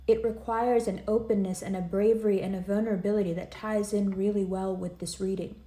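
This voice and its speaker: A woman's voice: mid-range voice, fairly even intonation, fairly quick, warm tone. Earnest emotional woman in an echoey room. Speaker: tarot reader. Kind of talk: casual spoken tarot reading.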